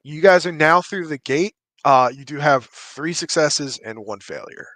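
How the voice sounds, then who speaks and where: A man's voice: fairly high pitch, expressive, measured pace, a bit bright, no room sound. A man narrating as game master of a tabletop game, loose and profane. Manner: loose, profane, self-mocking.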